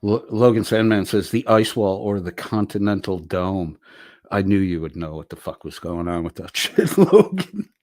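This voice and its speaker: A man's voice: sits low, flat delivery, normal speed, darkish tone, dry recording, clean studio sound. A man hosting a livestream, reading viewer comments aloud with profane, wisecracking asides. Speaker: livestream host reading chat.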